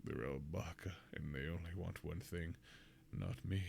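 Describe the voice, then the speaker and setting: A man voicing an awkward young anime-fan country boy with a deep Southern drawl. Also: normal speed, gravelly, a little mellow. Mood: nervous.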